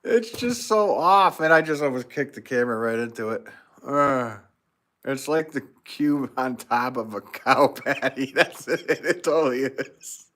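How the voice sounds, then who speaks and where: A man's voice: mid-range voice, expressive, measured pace, a bit bright. A man with an American accent hosting a casual pottery livestream, reading out viewer comments and joking with a frequent chuckle. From United States. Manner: jokey, chuckles often.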